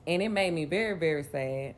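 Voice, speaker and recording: A woman's voice: deep voice, animated, brisk. A Southern US woman from Mississippi in her late twenties, telling a personal story in a candid, rambling way. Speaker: vlogger.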